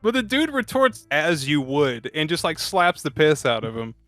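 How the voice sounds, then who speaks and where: A man's voice: high-pitched, sing-song, normal speed, a bit bright, dry recording, soft background music. A man co-hosting a podcast, recapping a movie in casual chat with crude jokes and frequent laughs. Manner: crude, joking, laughs often. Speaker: podcast co-host.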